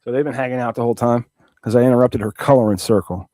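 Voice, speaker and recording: A man's voice: medium pitch, fairly even intonation, quick pace, mellow, dry recording. A man co-hosting a podcast, chatting casually with wry asides and offhand swearing. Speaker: podcast co-host. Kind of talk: casual chat.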